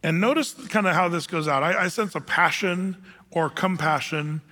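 A man in middle age teaches from the Bible in an easy, conversational way, stumbling through restarts and fillers. His voice sits a little high and comes through bright and forceful. A long reverb from a large hall trails behind every phrase. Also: moderate pace. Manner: conversational, many fillers and restarts, acts out scripture quotes. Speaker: pastor.

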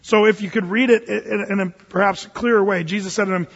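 Man preaching, casual and joking, husky voice, lo-fi hall recording. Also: sits high, fairly even intonation, a little fast, few pauses. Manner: conversational and joking, with sudden emphatic bursts. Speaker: pastor. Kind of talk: sermon.

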